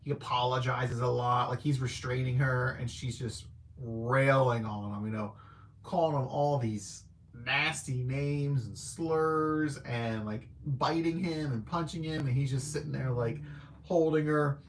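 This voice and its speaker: A man's voice: mid-range voice, steady tone, a little slow, slight background noise. A man giving a casual, rambling spoken movie review. He hesitates, leans on filler words, and chuckles at his own remarks. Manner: rambling and hesitant, heavy use of "like" and "I don't know"; laid-back and conversational. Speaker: film reviewer.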